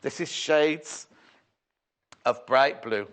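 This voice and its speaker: A man's voice: mid-range voice, extremely slow, fairly bright tone, clear, resonant tone. A man presenting fabric on a live shopping channel, chatty and bubbly with rambling asides and a slightly sore throat. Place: TV studio.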